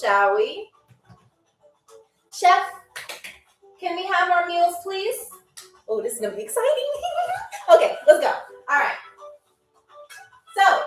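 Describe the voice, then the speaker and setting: A woman's voice: sits high, echoey room, far from the mic, low-quality recording. A woman hosting a live-stream game show, playful and chatty, talking straight to her viewers.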